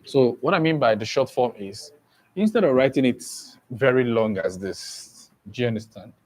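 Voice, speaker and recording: A man's voice: medium pitch, animated, normal speed, a little mellow. A man giving an exam-prep lesson who keeps asking the class questions and repeating key points. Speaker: teacher.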